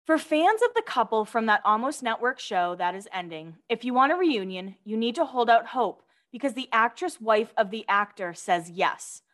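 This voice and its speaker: A woman's voice: on the high side, big pitch swings, moderate pace, few pauses, fairly bright tone. A woman co-hosting a podcast, chatting casually and reading out celebrity gossip items with gushing asides. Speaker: podcast co-host.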